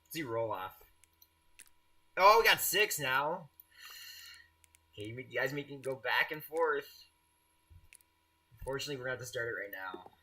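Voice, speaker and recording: A man's voice: medium pitch, animated, moderate pace, long pauses, pushed and bright. A young man streaming a game live, chatting casually and teasing his viewers. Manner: playful, teasing, restarts often, laughs at chat.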